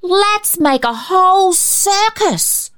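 A woman reading a storybook, voicing a blunt, literal-minded small boy who gets easily excited. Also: high-pitched, no room sound, clean studio sound, pitched above the performer's own voice, exaggerated voice. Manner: blunt, quick to get wildly excited.

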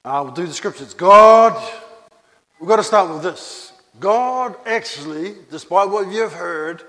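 A high-voiced man delivers a sermon at a slow, deliberate pace. He leans on repetition to drive home his key phrases. His voice carries a long reverb, as if filling a church hall. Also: expressive, pushed and bright. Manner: earnest, repeats key phrases for emphasis. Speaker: pastor.

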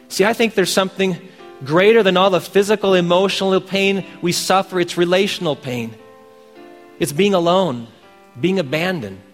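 Guy preaching a sermon, earnest, kinda high voice, big echoey hall, soft music under it. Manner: earnest preaching, rising to emphatic questions. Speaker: pastor.

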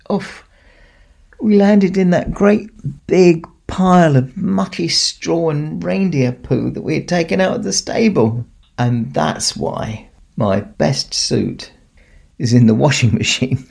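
A man's voice: fairly high pitch, creaky, husky. A man, speaking as Santa and chuckling as he tells a children's story. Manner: chuckling, warm storybook telling to kids.

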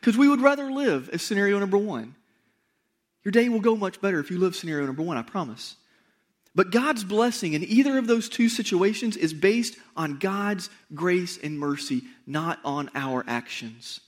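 A man with a notably high voice preaching to his congregation. He talks to them directly and conversationally, repeats key points for emphasis and throws in rhetorical questions. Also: lively intonation, moderate pace. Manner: emphatic repetition. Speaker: pastor. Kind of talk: sermon.

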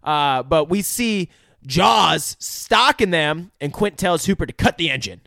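A man's voice: fairly high pitch, animated, a little slow, vocal fry, bright, forceful tone, dry recording, studio quality. A man on a podcast casually retelling a film scene by scene, swearing freely and rambling. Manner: profane, rambling play-by-play retelling. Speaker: podcast co-host recapping a film. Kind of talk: casual chat.

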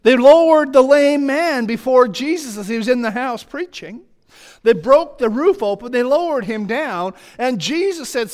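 A man with a strikingly high voice preaches a sermon. He speaks with emphasis and fervor, piling clause on clause in long repeated runs to press his point. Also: lively intonation, moderate pace.

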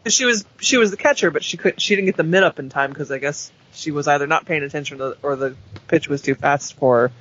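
A man's voice: fairly high pitch, fast, fairly bright tone. A man telling a story in casual chat, stumbling into repeats. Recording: dull lo-fi recording.

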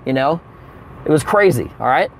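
Animated high-pitched comedian, profane storytelling. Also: male voice, moderate pace. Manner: animated, profane, bursts into exaggerated outbursts.

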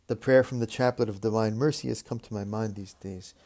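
A man preaching a reflective sermon, speaking in a measured way with repeated phrases and long pauses. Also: fairly low pitch, steady tone, a little mellow.

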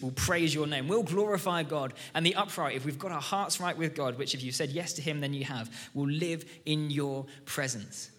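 A man's voice: a little high, fairly bright tone. A man preaching a sermon in an enthusiastic, conversational style and telling stories from the pulpit. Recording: reverberant church hall.

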